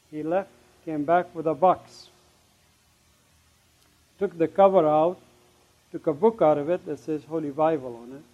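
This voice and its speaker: A middle-aged man with a notably high voice gives a dramatic testimony of his life story from a stage. He speaks emphatically, plays both sides of past conversations, and drops suddenly to a hush at tense moments. The recording is dull and lo-fi.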